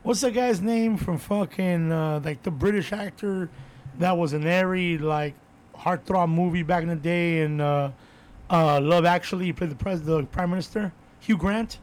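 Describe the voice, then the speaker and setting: A man's voice: high-pitched, moderate pace. A man chatting casually with friends, swearing often and groping for names. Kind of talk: casual chat.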